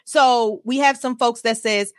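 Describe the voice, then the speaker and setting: A woman hosting a live motivational show, talking to her audience in an energetic, emphatic way and hyping them up. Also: fairly high pitch, a little slow, no room sound, studio quality. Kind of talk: motivational live-stream talk.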